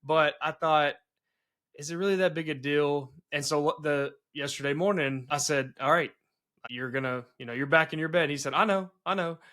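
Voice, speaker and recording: Bright, earnest man podcasting. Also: a little high, fairly even intonation, moderate pace. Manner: earnest storytelling with many restarts. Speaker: podcast host. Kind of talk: casual conversation.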